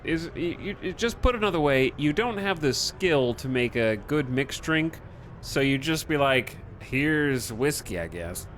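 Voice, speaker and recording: A man's voice: fairly high pitch, unhurried, fairly bright tone, slight background noise. A man streaming a video game, commenting casually with sarcastic asides. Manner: sarcastic, mocking.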